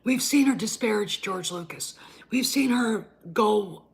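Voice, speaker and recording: A woman's voice: mid-range voice, lively intonation, a little slow, gravelly, breathy edge. A woman hosting her own show, ranting bluntly and combatively, often swearing and restarting her sentences. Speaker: host. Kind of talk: opinion rant.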